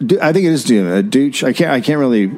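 A man's voice: medium pitch, animated, rapid-fire, a little mellow, soft background music. A man hosting a comedy podcast, reading an old newspaper aloud drily with asides. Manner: dry reading, stumbles on hard words.

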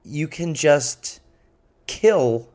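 A man's voice: fairly high pitch, lively intonation, drawn-out words, a little mellow. Sarcastic, laughing man, bouncy voice. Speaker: podcast co-host. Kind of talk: comedic podcast banter.

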